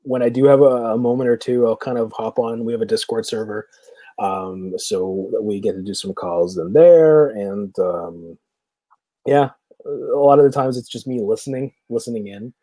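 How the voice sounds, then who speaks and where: Man in his thirties, interview guest, mellow voice, lots of ums. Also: lowish voice, moderate pace, no echo. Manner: hesitant, many fillers, laughs easily. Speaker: comic book creator, podcast guest. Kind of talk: casual interview chat.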